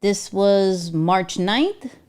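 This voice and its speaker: An unhurried woman hosts a casual livestream from her computer. She talks straight to her viewers, reads their comments aloud and keeps checking in with "right?". Her voice sits at a middling pitch. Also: lively intonation, darkish tone, faint music behind. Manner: reads chat aloud, repeats herself, many "right?" tags. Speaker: livestream host. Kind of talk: casual interactive livestream chat.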